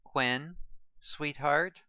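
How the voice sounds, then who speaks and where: A woman voicing an excitable young father turned into a small furry animal-man, playful and teasing. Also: low-pitched, drawn-out words, clear, resonant tone, no echo, dull audio, heavily acted. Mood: gentle.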